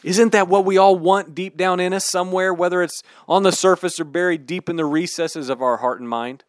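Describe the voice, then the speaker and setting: A man preaching a sermon in an emphatic, candid, animated way. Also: high voice, brisk, no room sound, clean studio sound.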